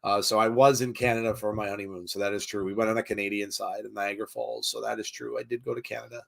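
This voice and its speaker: A man's voice: lowish voice, level tone, fast talker, vocal fry, a bit bright. A middle-aged American man co-hosting a live wrestling watch-along, rambling casually and reading chat comments aloud. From United States.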